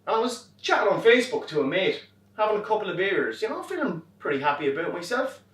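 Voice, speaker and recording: A young Irish man performing a wry comic monologue on a theatre stage, swearing and animated as he tells a story. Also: sits high, fast talker. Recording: roomy stage from far off.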